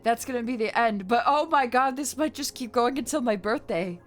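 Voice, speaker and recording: Woman streamer with a bright, sharp voice and faint music behind her, chatting casually, swearing freely, quick to shout. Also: high-pitched. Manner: excitable, swears a lot, swings between shouting and mumbling. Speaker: livestreamer. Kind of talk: casual livestream chat.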